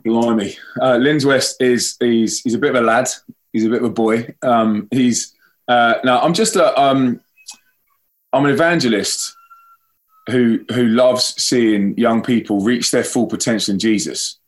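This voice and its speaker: A man's voice: mid-range voice, a little slow. A man with a London accent, an evangelist and band frontman, chatting casually and upbeat in an interview, with lots of restarts.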